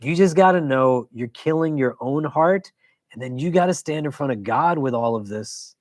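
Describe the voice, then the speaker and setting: A man, an imam, teaching a weekly religious class in a casual, conversational way. He keeps checking in with his listeners and tells stories with quick asides. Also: mid-range voice, dry recording. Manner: conversational, keeps asking "do you know?"; animated storytelling with quick asides.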